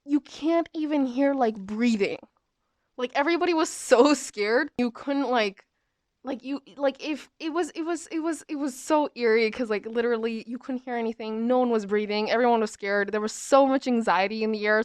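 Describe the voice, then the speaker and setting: A woman's voice: fairly high pitch, moderate pace, dry recording. Young woman, podcast host, casual rambling storyteller, dry close sound. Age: young adult. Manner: rambling, chatty, lots of fillers.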